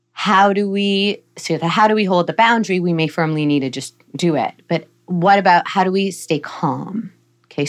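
A middle-aged woman with a somewhat low voice talks as a psychologist guest on a parenting podcast. She explains things earnestly and patiently, like a teacher. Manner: earnest, explanatory, playfully animated in examples.

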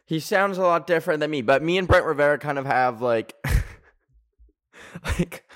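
A man's voice: a little high, animated, measured pace, a bit bright. Young man, podcast host, whiny, nasal, rambling, swearing, casual storytelling. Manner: rambling, swearing, lots of fillers.

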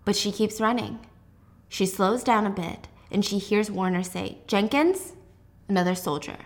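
A young woman hosting a casual book recap, telling the plot in a lively, chatty, sarcastic way. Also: mid-range voice, normal speed. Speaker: host.

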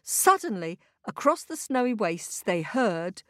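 A woman narrating a children's story, reading slowly and expressively. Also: medium pitch, very animated, dry recording, clean studio sound.

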